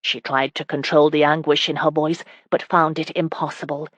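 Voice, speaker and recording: An audiobook narrator reading a historical romance in steady, even scripted narration. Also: mid-range voice, moderate pace, no room sound.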